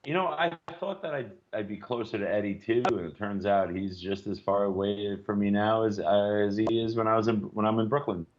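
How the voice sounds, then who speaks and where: A man, co-hosting a casual podcast chat and telling rambling, animated stories with plenty of swearing. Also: fairly low pitch, fairly quick, few pauses, muffled recording, slight background noise. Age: 40s. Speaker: podcast co-host.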